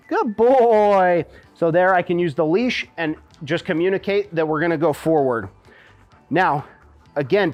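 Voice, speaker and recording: A man teaching dog heel work, explaining calmly while he walks a dog. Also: fairly high pitch. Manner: calm, explanatory, talks while walking a dog. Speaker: dog trainer. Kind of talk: instructional demonstration.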